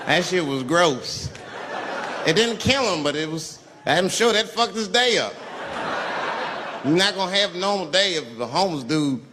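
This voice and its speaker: On stage at a comedy venue, a stand-up comedian with a slightly high voice tells a profane story, acting out characters with wild shouts. The live recording picks up crowd noise and audience laughter.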